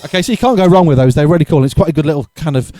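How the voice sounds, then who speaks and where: A man with a mellow, darker voice teaches a drum lesson in an easygoing way, thinking aloud and correcting himself as he goes. The sound is dry and close, with faint drum music behind him. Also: a little high, racing, no echo. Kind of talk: casual video lesson.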